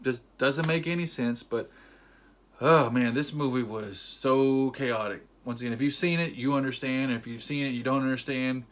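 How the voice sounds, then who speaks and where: Young man, sarcastic movie-review rant, acts out lines in passing, mid-pitched voice. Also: a little hiss or hum. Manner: sarcastic, retells scenes in quick mimicked quotes. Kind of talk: casual rant.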